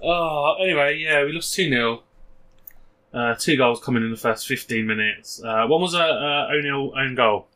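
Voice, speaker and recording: A man's voice: medium pitch, moderate pace, pushed and bright. A man co-hosting a football podcast, chatting casually and doing joking match commentary. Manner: laddish, self-mocking. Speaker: podcast co-host.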